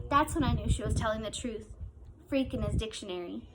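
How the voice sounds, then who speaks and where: A woman's voice: a little high, a little fast, noisy background. A woman reading a first-person novel aloud in an earnest storytelling manner. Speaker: audiobook reader.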